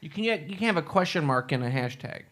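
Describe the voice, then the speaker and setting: Teasing podcast host, slightly high voice. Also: male voice, animated, a bit bright. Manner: quick, teasing, laughs a lot. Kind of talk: casual comedic chat.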